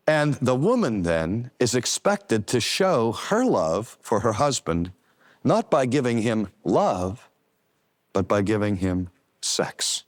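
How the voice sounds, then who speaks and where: A man's voice: medium pitch, big pitch swings, measured pace, no echo. An older man teaching in an earnest sermon style, stressing key words and drawing them out. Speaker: preacher and teacher.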